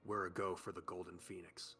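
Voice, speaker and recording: A brash goblin fighter voiced by a man barks and mutters with gruff bravado in a deep, gravelly voice. Faint music plays underneath the tabletop session. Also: flat delivery, brisk, bright, forceful tone, heavily acted. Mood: cocky.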